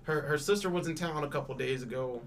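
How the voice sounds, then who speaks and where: A man's voice: on the high side, fast, slight background noise. A young man in casual podcast chat, telling a long story with frequent laughs and repeated words, acting out both sides of quoted exchanges. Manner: animated, laughs often, repeats and restarts words, swears freely. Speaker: podcast panelist.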